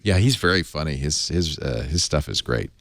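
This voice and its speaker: A man's voice: extremely low pitch, animated, moderate pace, a bit bright, dry recording, studio quality. A man hosting a tech talk show, reading an ad in an enthusiastic, chatty, rambling way. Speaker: podcast host.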